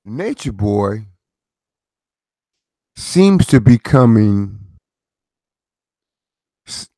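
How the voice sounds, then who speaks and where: Speaking slowly and expressively in a low, darkish voice, a middle-aged channel host delivers a preachy, casual commentary. Rhetorical questions and recurring phrases fill the monologue, which is studio quality with no echo.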